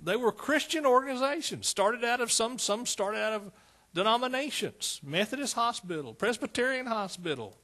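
A man's voice: very high-pitched, animated, normal speed, bright, forceful tone. A man preaching a fervent sermon, calling out to his congregation.

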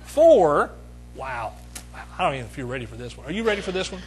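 Husky high-voiced man preaching a sermon. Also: big pitch swings, fast, darkish tone, soft background music, rough recording. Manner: emphatic, repeats phrases and calls out to the congregation.

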